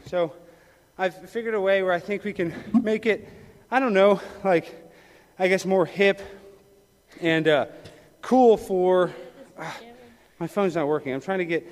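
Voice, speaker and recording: A man giving a mock public comment at a meeting, rambling breathlessly and then freestyle rapping and shouting rhymes into a podium mic. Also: sits high. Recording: echoey hall with long reverb.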